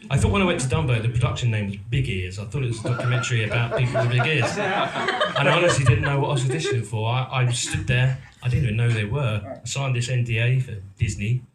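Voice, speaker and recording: A middle-aged English actor and producer, giving a talk in a roomy hall at an event venue, tells his story casually with rambling self-mockery, plenty of ums and restarts. His mid-range voice moves at a quick pace with few pauses. The sound reverberates, with a crowd audible in the background.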